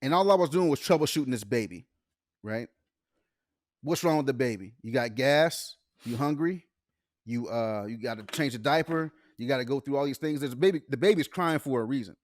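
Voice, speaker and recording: In a dry, studio-quality recording, a man in his thirties co-hosts a casual comedy podcast with an expressive, mid-range voice at a fairly quick pace. He tells stories, laughs often, and acts out quotes.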